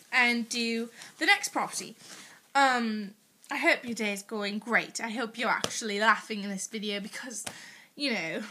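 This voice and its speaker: A woman's voice: on the high side, bright, forceful tone. A teenage girl speaking in a put-on British accent, hesitant and playful, full of ums, explaining a school project into an iPad in her bedroom. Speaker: student. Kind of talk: homemade school project video. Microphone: iPad built-in mic.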